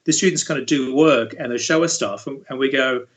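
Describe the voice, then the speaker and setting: A man speaking as an interview guest, a university VFX lead explaining things in a relaxed, conversational way. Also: mid-range voice, fairly quick, slight background noise, rough recording. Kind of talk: casual interview chat.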